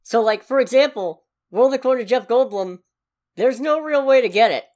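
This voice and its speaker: A woman's voice: a little high, normal speed, a little mellow. A woman co-hosting a podcast, chatting casually with a sarcastic, ranting edge. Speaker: podcast co-host. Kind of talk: casual chat.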